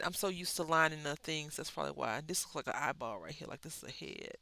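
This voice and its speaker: A coloring channel host chatting casually while coloring, rambling, correcting themselves and offering gentle encouragement. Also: mid-range voice, fast, creaky, no echo.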